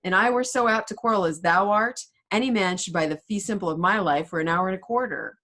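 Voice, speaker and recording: A woman's voice: mid-range voice, fast talker, a bit bright, lightly acted. A woman reading the part of Benvolio, a cautious young man who wants to avoid a fight. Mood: earnest. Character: peace-seeking cautious young male Benvolio. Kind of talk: casual read-aloud of a play.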